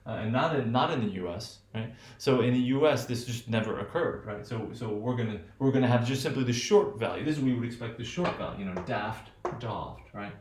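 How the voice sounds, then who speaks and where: Casting: male pronunciation teacher, mid-pitched, loose rambling lecture, reverberant room. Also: quick pace, few pauses, a little hiss or hum. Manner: thinks aloud with many fillers and "right?" tags. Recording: echoey room.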